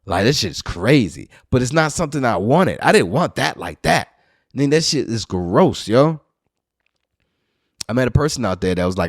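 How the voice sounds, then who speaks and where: A man hosting a podcast, telling a story in a loose, profane way that gets animated and loud when he is worked up. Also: mid-range voice, moderate pace, dry recording, clean studio sound. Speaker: podcast host.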